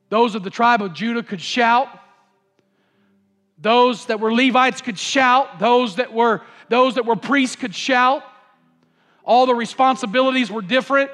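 A man's voice: high voice, fairly bright tone, in a large hall. A man preaching a sermon in an impassioned, repetitive cadence. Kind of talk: Pentecostal-style sermon.

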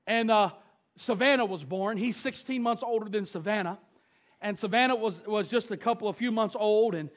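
High-voiced preacher, lo-fi. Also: male voice. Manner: animated storytelling with down-home grammar. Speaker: pastor. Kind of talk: sermon. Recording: dull lo-fi sound.

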